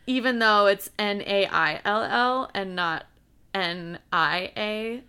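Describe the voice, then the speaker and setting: A woman's voice: medium pitch, slow pace, sharp tone, clean tone. A woman co-hosting a casual chat, talking in a chatty, wry, easygoing way.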